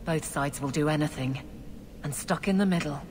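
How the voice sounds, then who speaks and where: Woman doing a grim game character warning u, low voice, sober. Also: moderate pace, a little mellow, close to an everyday voice, low-quality recording. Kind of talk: video game dialogue.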